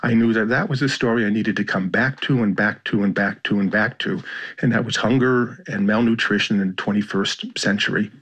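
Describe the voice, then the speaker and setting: An American man with a slightly husky voice talks through his experiences in an interview. He is measured and reflective and often pauses to restart a thought. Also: fairly low pitch, fairly even intonation, fairly bright tone. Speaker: journalist and author. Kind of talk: interview answers, reflective storytelling.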